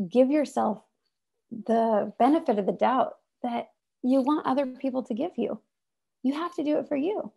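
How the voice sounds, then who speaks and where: A woman giving an inspirational talk over a video call, animated and emphatic. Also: sits high, measured pace, gravelly, husky. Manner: animated and emphatic, acts out voices. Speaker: presenter.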